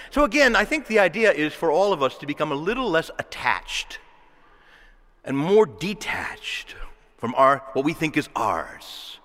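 A man preaches to his church with a slightly higher voice that leaps up and down as he acts out quoted voices. He moves between loud bursts and hushed asides. The sound carries a long reverb from a large hall. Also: huge pitch swings, unhurried. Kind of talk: sermon.

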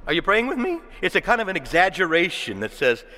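Animated male preacher in a reverberant hall. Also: sits high, fast talker. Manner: animated, acts out quoted voices and swings between loud and hushed. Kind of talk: sermon.

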